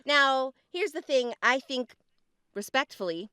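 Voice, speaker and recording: Bright, crisp Californian woman. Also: high voice, animated, dry recording. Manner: chatty, playful storytelling with drawn-out pauses. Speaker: podcast co-host. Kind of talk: casual chat.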